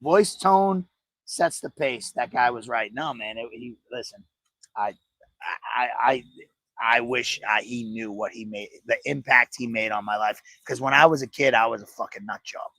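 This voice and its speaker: A man with a gravelly, bright edge to his voice recounts stories in a relaxed, profane way. He talks in a casual chat style, often reflective. The sound is close and dry. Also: mid-range voice, normal speed, no echo. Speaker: podcast co-host.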